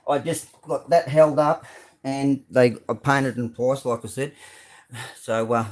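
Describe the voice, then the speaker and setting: A middle-aged Australian man with a medium-pitched, slightly slow voice hosts a casual live stream showing off model cars. He rambles through his builds with lots of ums and greets viewers by name.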